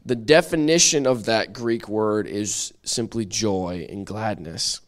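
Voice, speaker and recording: A man's voice: fairly low pitch, slow. A man teaching a Bible study lesson in a chatty, self-deprecating way, often restarting his sentences. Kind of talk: casual church teaching.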